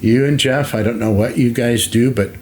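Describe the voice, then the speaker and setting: An older man, a longtime school facilities director, telling stories in an interview at an unhurried pace with many fillers, acting out what people said. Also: mid-range voice, darkish tone, a little hiss or hum. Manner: anecdotal, unhurried, many fillers and acted-out quotes. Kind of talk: interview storytelling.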